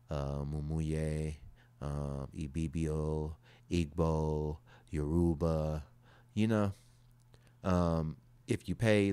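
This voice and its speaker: Low-voiced man in a laid-back reaction video. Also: darkish tone, clear, resonant tone, no echo. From United States. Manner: laid-back, conversational, slangy asides. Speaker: vlogger. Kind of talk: casual reaction commentary.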